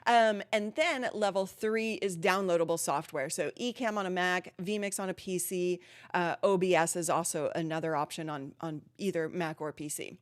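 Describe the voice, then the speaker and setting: A woman's voice: lowish voice, normal speed. A woman hosting a live streaming Q&A from her home studio, chatting casually with lots of ums and laughs, a bit out of breath. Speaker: live streaming channel host.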